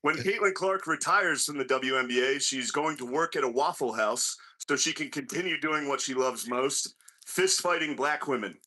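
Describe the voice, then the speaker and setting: A man in casual podcast banter, telling crude anecdotes, laughing often and mock-yelling. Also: medium pitch, normal speed.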